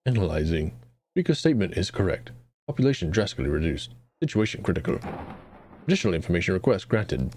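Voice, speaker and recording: A man voicing a failing ancient city computer in a flat, clipped report readout. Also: low-pitched, fast, slight background noise, pitched below the performer's own voice. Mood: clipped, mechanical.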